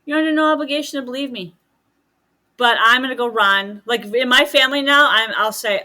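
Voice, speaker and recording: A middle-aged medium and healer appears as a podcast guest, chatting casually and acting out quoted dialogue as she tells stories. Her voice is fairly high, fast, bright and forceful.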